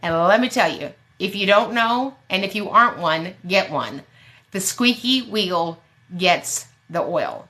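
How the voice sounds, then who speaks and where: A woman's voice: mid-range voice, expressive, unhurried, sharp tone. A woman special education advocate giving blunt, emphatic advice with sassy asides on a live question-and-answer show.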